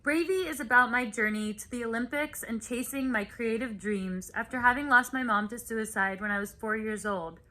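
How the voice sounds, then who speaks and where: A woman giving a clear, earnest, scripted introduction to camera as an author presenting a talk. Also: on the high side, normal speed, few pauses, bright, forceful tone.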